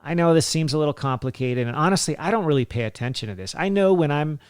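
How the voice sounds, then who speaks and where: A man's voice: fairly high pitch, animated, fast talker, smooth, no room sound, clean studio sound. A man in his forties hosting a health podcast, talking casually with lots of fillers and laughs. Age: 40s. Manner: chatty, laughs often, many fillers. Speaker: physician podcast host.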